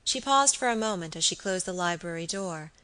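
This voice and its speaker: A woman narrating a classic novel in a calm, measured reading. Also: on the low side. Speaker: audiobook narrator. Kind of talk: scripted narration.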